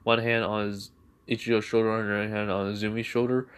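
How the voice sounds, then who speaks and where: Low-voiced man rambling through a story. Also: flat delivery, fast, clear, resonant tone. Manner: rambling, full of "like" and "you know". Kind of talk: casual retelling of a fan story.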